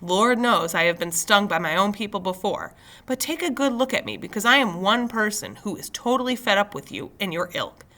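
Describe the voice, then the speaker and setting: A stern foster mother with formal, lofty speech and a bright, clear tone, read aloud by a woman. She scolds with clipped, proper sentences. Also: medium pitch, expressive, brisk. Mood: scolding.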